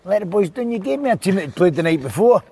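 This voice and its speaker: A man's voice: high-pitched, sing-song, quick pace, gravelly, dark tone, husky. A man joking about himself as a podcast guest in casual chat. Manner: joking, self-mocking.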